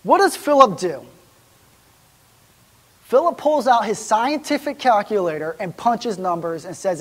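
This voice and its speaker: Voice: medium pitch, expressive, a little slow, long pauses, a bit bright. A pastor preaching a sermon in a church, in a conversational way that wonders aloud and asks rhetorical questions.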